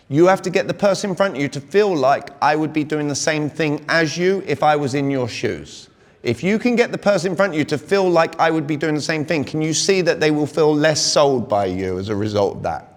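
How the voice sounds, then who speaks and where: A British man in his forties giving an energetic live sales talk at a conference, constantly quizzing the audience. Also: on the high side. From Britain. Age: 40s. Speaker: conference speaker. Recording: long reverb of a big hall.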